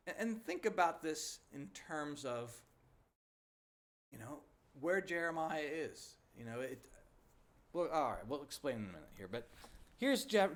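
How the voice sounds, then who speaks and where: A man with a somewhat high voice delivers a sermon in a loose, conversational way. He stumbles through fillers and restarts, then rises sharply in pitch as he acts out an exasperated voice. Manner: animated, rising high when voicing the Lord's complaints. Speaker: pastor.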